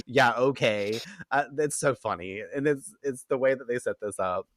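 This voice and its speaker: A man hosting a podcast in a casual chat, animated and profane, laughing often and acting out quotes from characters. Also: mid-range voice, normal speed, dry recording, studio quality. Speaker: podcast host recapping an episode.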